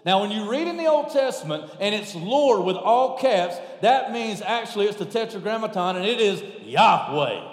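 A man preaching a sermon, shifting from shouted bursts to hushed, low lines. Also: moderate pace. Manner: animated, shouting at peaks then dropping very low. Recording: echoey hall.

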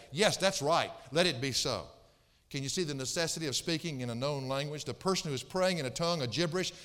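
Animated man preaching in a reverberant hall. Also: a little high. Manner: emphatic, repeats phrases for stress. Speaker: pastor. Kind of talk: expository sermon. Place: church sanctuary.

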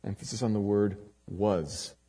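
A man preaching a sermon dramatically, swinging from loud emphatic lines to low, quiet ones. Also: measured pace, breathy edge. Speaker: pastor. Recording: long hall reverb.

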